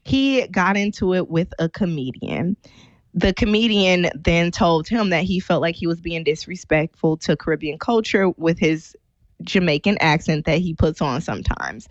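A woman co-hosting a talk show, recapping a story in an animated, chatty way. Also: on the low side, moderate pace, no echo, dull audio. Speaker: co-host. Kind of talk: casual chat.

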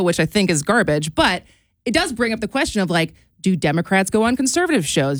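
A woman's voice: lowish voice, no room sound. Blunt lady talk radio cohost, dry close sound. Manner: opinionated, blunt. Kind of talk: casual talk radio chat.

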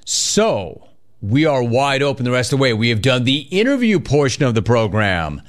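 A man hosts a casual sports talk radio show. He is energetic and chatty and talks in quick bursts. His pitch sits in the middle of the male range. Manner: energetic, fast bursts, reads listener chat aloud.

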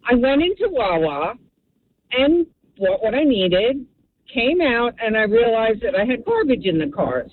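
A woman tells a story over a tinny phone line. Her voice is high and swings widely as she talks. She is an animated, chatty caller. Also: slight background noise. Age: 70s.

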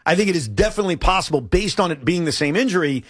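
A man hosting a sports talk radio show, making his case with a lively, rising and falling delivery. His voice sits a bit high for a man. The studio sound is dry and close. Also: very fast, no echo, soft background music.

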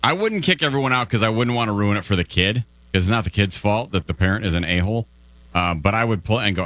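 A man's voice: fairly low pitch, lively intonation, quick pace, fairly bright tone, no echo. A man co-hosting a radio show, talking bluntly and acting out little dialogues in casual banter.

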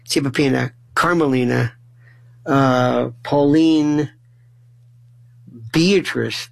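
A middle-aged man telling funny family stories in a lively way, often stumbling and restarting his words. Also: mid-range voice, vocal fry, low-quality recording. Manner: animated, acts out family dialogue in shifting voices. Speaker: storyteller. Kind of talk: humorous personal storytelling monologue.

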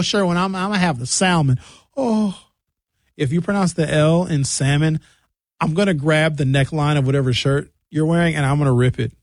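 A man hosting a talk radio show, delivering an animated comic rant from a studio. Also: no room sound. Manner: animated rant, mimics callers in higher voices.

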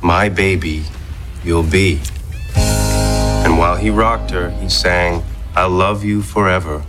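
An actor playing a man who gives a drawn-out, theatrical sing-song reading of a children's story. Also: low-pitched, steady tone, music in the background. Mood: tender, theatrical. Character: grown man giving a slow, tearful storybook reading. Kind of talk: sitcom clip played on radio.

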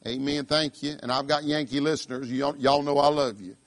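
A Southern American man preaching a radio sermon. He is impassioned, rises to shouts and acts out his listeners' objections. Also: medium pitch, steady tone, brisk, few pauses. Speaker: pastor.

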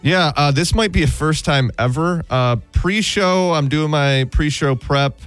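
A man's voice: a little high, measured pace, fairly bright tone, clean tone, no room sound, soft background music. A man co-hosting a sports talk show, giving blunt opinions and teasing his co-hosts. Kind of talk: casual sports banter.

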